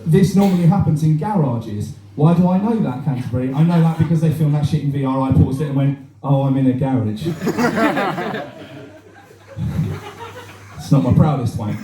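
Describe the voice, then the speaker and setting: Male stand-up, crude and rambling, animated delivery, roomy far-off mic. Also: on the high side. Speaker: stand-up comedian. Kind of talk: live stand-up set. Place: cafe bar venue, live audience. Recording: echoey room, mic heard from far.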